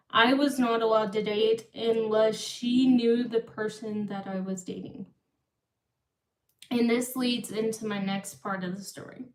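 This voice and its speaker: A woman in her thirties with a fairly high, slightly bright voice rambles through a story on a live stream, interrupting herself often and starting over. She sounds far from the mic in an echoey room.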